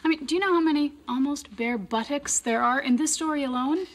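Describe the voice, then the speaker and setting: A woman's voice: high-pitched, a little fast. An actress playing an earnest young woman, a rookie colorist, who rambles nervously with many restarts in a 1990s sitcom. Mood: anxious. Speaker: comic-book colorist. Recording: noisy old TV audio.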